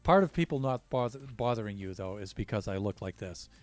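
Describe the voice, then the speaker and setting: A man's voice: on the low side, animated, a little fast, a little mellow, faint music behind. An American man casually chatting with his stream viewers, rambling with lots of fillers and restarts. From United States.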